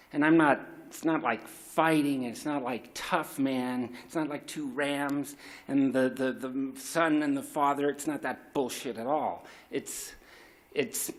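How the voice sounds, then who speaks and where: A middle-aged man telling a raw, confessional personal story at a live story slam, swearing freely and restarting his sentences. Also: medium pitch.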